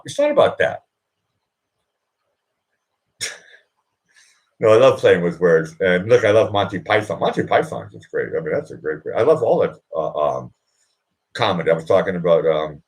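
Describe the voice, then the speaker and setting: A man with a low voice chats loosely to his live viewers, his pitch swinging up and down as he rambles. He laughs often, trails off with fillers and jumps from one anecdote to the next. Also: very animated, normal speed, long pauses. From Boston. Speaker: live stream host. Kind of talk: casual chat to live viewers. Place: indoors at home.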